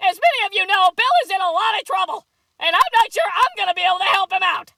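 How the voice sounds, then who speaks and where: A woman's voice: extremely high pitch, lively intonation, quick pace, vocal fry, pushed and bright, exaggerated voice. A woman doing a comedy sketch impression of a scheming female politician, confiding and oblivious. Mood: smug.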